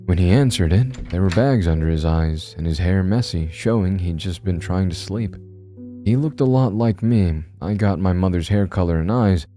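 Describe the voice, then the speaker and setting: A man giving a steady, measured scripted narration of a horror story. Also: low voice.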